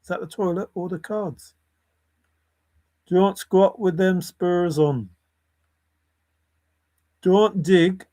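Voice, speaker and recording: A man's voice: sits high, slow pace, pauses often, dark tone. A man vlogging about a treasure hunt, rambling and giggling as he comments, repeating words and muttering to himself. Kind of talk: rambling commentary over video.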